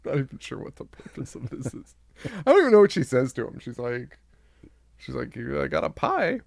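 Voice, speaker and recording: A man's voice: medium pitch, sing-song, moderate pace, gravelly, long pauses, darkish tone. A man co-hosting a horror podcast, recapping a movie in casual chat, joking, laughing often and acting out lines. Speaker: podcast co-host.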